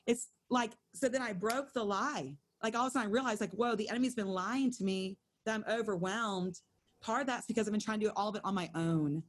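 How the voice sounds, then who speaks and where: A woman's voice: medium pitch, fast talker. A woman in her thirties sharing a personal testimony in casual talk over a video call, acting out her own thoughts in quotes as she goes. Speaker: Bible study co-leader.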